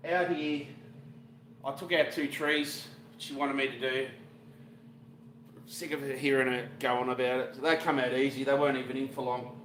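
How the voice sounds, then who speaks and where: A man's voice: medium pitch, fairly bright tone, slight background noise. Rambling Australian man in an echoey room. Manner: rambling, chatty, greets viewers, casual slang. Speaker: fishing vlogger cooking on a livestream. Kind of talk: casual livestream chat.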